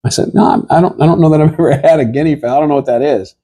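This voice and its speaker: A man telling a rambling, animated comic story, laughing through it and acting out the people in it. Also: on the high side, racing, husky.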